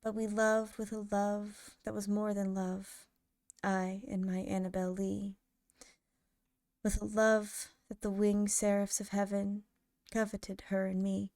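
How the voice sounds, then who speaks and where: A woman narrating poems in a soft, hushed ASMR reading style, drawing out each line slowly. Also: mid-range voice, completely flat delivery, dry recording, clean studio sound. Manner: slow, hushed, drawn-out delivery.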